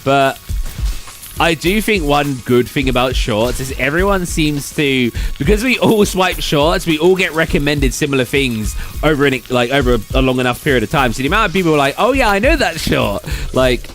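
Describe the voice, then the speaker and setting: A man's voice: fairly high pitch, normal speed, a bit bright, faint music behind. A British man chatting casually on a live stream, rambling and reading out and answering viewers' messages. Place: indoors at a gaming computer.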